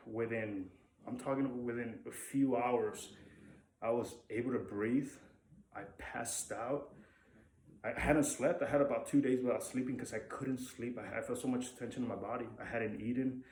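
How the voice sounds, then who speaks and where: A man's voice: mid-range voice, steady tone, normal speed, a little mellow, a little hiss or hum. A young man from Mexico telling a personal story in a candid, rambling way, swearing freely. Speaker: vlogger. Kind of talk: casual storytelling to camera. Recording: echoey room with faint ambience.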